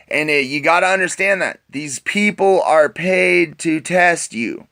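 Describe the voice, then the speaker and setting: Bright-voiced man telling a rambling story. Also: fairly high pitch, expressive, measured pace, creaky, few pauses. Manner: rambling, with frequent fillers and restarts. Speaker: vlogger. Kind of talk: casual personal storytelling.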